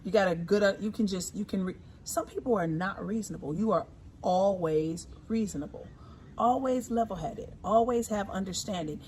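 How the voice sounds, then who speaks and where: A woman in her forties, talking casually and warmly about her husband, emphatic and repeating her points. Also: mid-range voice, normal speed, a little hiss or hum. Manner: emphatic and repetitive, often repeating phrases. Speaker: co-host, singer. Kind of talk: casual heartfelt talk.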